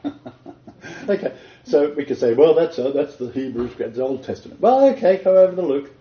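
A man's voice: medium pitch, sing-song, fairly quick. A man leading an interactive Bible study, quizzing his group and laughing often. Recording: roomy dull lo-fi recording.

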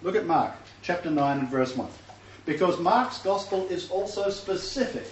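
Emphatic preacher, distant and echoey. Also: male voice, high voice, expressive, normal speed. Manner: emphatic, checks in with rhetorical questions. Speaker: preacher of a messianic congregation. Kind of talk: teaching sermon. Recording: distant, roomy, dull recording with faint background noise.

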